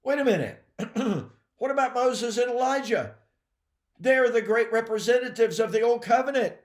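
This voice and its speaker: A man giving emphatic Bible teaching, calling his listeners "folks" and often clearing his throat. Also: high-pitched, reverberant. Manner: emphatic, addresses listeners as folks and ladies and gentlemen.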